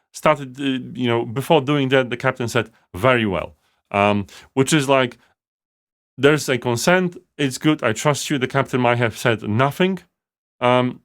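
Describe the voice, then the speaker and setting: A man hosting a live leadership coaching show, talking casually and rambling with many fillers and restarts. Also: medium pitch. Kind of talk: casual live-stream monologue.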